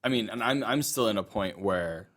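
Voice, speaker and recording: Low-voiced young man, hesitant and agreeable. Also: moderate pace, a bit bright. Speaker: podcast co-host. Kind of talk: casual conversation.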